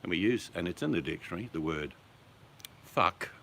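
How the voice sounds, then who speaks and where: An Australian man chatting casually with viewers as host, relaxed and chatty, swearing freely. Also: sits low, normal speed, gravelly, slight background noise.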